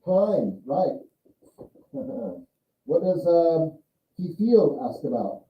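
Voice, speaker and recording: A man's voice: fairly high pitch, big pitch swings, very slow. A male teacher giving a classroom lecture, talking casually and asking his students questions. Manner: conversational, asks the class questions. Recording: echoey, distant, muffled classroom recording.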